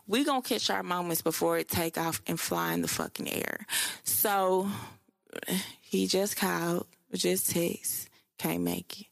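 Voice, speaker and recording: Gravelly, casual woman podcaster. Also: on the low side, sing-song, a little slow, no echo, studio quality. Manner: loose, profane and chatty, with slang and fillers. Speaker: podcast host. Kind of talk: casual solo podcast talk.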